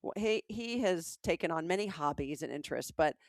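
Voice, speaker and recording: A woman's voice: fairly low pitch, animated, fairly quick, no echo, clean studio sound. A middle-aged woman from the American South with a Southern accent, co-hosting a podcast with wry asides and explanations. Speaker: podcast co-host. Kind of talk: casual chat.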